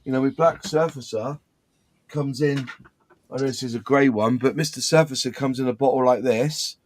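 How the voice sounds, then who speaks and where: A man's voice: medium pitch, normal speed. Rambling man chatting. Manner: rambling, self-correcting, explains his paint mixing. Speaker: co-host of a modelling live chat. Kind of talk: casual chat.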